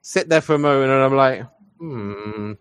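A man's voice: medium pitch, flat delivery, fast, clean tone, dry recording. A man playing a character in an online tabletop game, playful and joking. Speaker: player.

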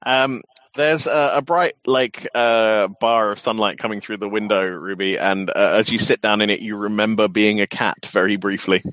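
A man's voice: on the low side, steady tone, normal speed, a bit bright, dry recording. Chatty man running a tabletop game. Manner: chatty, laughing, restarts often. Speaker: game master. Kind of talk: narrating a tabletop game over a call.

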